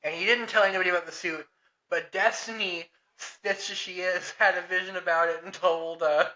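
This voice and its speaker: A man's voice: sits high, fairly even intonation, normal speed, sharp tone. A man co-hosting a podcast, casually recapping a comic with jokes and laughter. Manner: joking, laughing, swearing. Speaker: podcast co-host. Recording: roomy sound.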